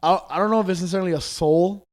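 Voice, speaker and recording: A man's voice: sits high, rapid-fire, a little mellow. A man co-hosting a podcast, telling ghost stories in casual chat, loose and swearing, acting out the people he quotes. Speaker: podcast co-host.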